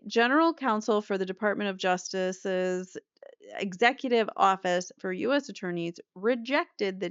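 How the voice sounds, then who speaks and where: A woman's voice: mid-range voice, vocal fry, a bit bright, clear, resonant tone, no echo, lo-fi sound. A woman reading legal filings aloud and breaking off for blunt, offhand explanations of what they mean. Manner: reads dryly then adds blunt offhand asides. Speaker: host reading court documents.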